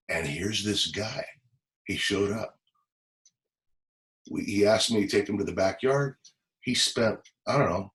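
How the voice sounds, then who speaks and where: Brief: middle-aged ex-cop from Los Angeles, lowish voice, emotional, stumbling storytelling. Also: male voice, rough recording. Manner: halting, repeats words, emotional. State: close to tears. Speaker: former police officer. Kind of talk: personal storytelling in an interview.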